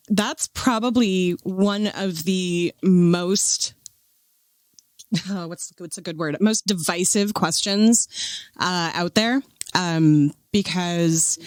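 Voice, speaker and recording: A young woman co-hosting a podcast in casual chat, talking freely with lots of fillers and quick laughs. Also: on the low side, dry recording. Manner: chatty, laughs often, frequent fillers. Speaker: podcast co-host.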